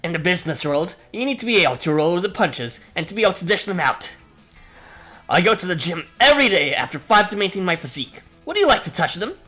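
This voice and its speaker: A man voicing a huge, muscular bull-man businessman who flatters everyone in a booming, salesman-like way. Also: fast, soft background music, exaggerated voice. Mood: hammy.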